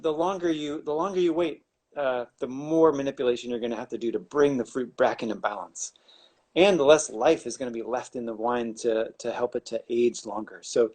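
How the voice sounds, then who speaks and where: A man's voice: medium pitch, darkish tone. A man, a winemaker, explaining wine making in a casual, rambling way with wry asides and many restarts.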